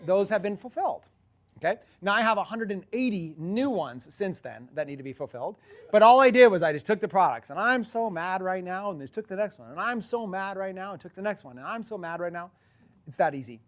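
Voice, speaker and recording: A man coaching online sellers in a casual, rambling teaching talk, often repeating himself. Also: high voice.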